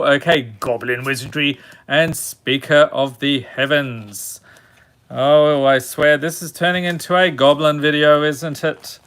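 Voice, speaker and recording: A man's voice: a little high, a little slow, clean tone. A man with a Chicago accent streaming a card-pack opening, reading out card names and chatting with his viewers. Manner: reads card names in a steady list, then chats with viewers. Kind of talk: casual live-stream chat.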